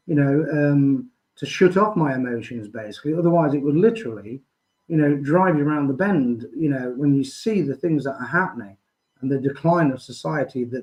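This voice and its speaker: A man's voice: fairly high pitch, a little mellow, low-quality recording. A man with a Midlands English accent, a guest in a live chat, rambling through anecdotes.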